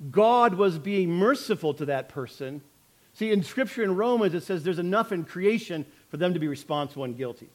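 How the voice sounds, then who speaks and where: A man's voice: sits high, expressive, brisk. A male pastor preaching a sermon in an earnest, conversational way, telling personal stories with quoted asides.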